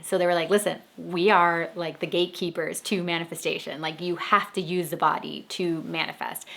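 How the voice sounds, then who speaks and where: Woman, intuitive teacher, casual and chatty with lots of fillers, lowish voice with vocal fry. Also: fairly bright tone. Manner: conversational, frequent "like" fillers. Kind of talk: casual spiritual talk.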